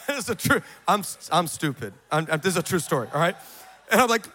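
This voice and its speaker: Man preaching at church, high voice, jokey and loud with the crowd. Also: fast. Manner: animated storytelling, joking and shouting to the crowd. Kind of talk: sermon. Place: church service in front of a congregation.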